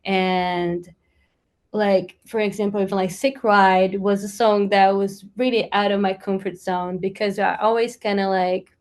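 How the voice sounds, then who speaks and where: A woman's voice: mid-range voice, fairly even intonation, unhurried, darkish tone. Chatty woman with a Brazilian accent. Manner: chatty, rambling with many fillers. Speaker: guest musician. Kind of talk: casual interview chat.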